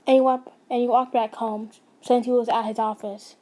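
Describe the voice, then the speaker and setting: A woman's voice: fairly high pitch, level tone, normal speed, a little mellow. A young woman narrating a fan fiction story casually, stumbling and restarting, with chatty asides to her listeners.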